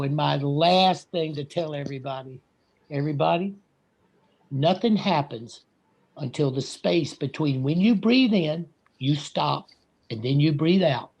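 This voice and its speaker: Gravelly-voiced man giving a spiritual talk. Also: a little high, darkish tone, lo-fi sound. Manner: slow, earnest and blunt. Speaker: guest speaker.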